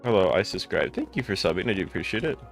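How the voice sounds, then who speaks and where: A man's voice: low voice, sing-song, fast talker, faint music behind. A tired man casually chatting with viewers during a live gaming stream, greeting them by name with rambling asides.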